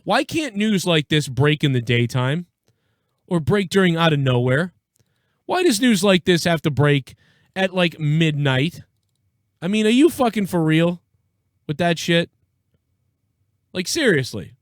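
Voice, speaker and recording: A man's voice: fairly high pitch, sing-song, measured pace, long pauses, no echo, studio quality. A man hosting a casual live call-in show, rambling and profane, laughing easily. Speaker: live show host taking calls.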